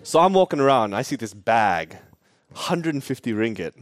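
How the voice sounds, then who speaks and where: A young man with an Australian accent preaching a sermon, telling stories in an animated way. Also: medium pitch, normal speed, no room sound, studio quality. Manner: animated storyteller. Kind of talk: story-driven sermon. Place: church.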